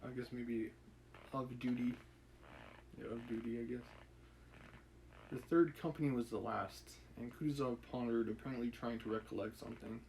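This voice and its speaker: Picture a man reading a classic novel aloud on a live stream, pausing often to think out loud and correct himself. His voice sits at an ordinary middle pitch. A faint hiss runs underneath. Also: steady tone, poor audio. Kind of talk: casual read-aloud with commentary. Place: home setup, live stream.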